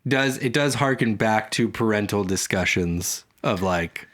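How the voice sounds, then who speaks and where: A man's voice: fairly low pitch, unhurried, fairly bright tone. A man co-hosting a comedy podcast, reading scripture aloud and breaking off into joking asides. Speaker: podcast co-host. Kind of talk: casual comedic Bible chat.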